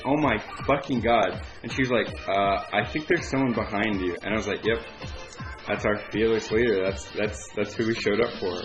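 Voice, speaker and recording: A young man telling a casual story, rambling with lots of filler words and frequent swearing. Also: lowish voice. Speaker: vlogger. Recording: dull lo-fi recording with music behind.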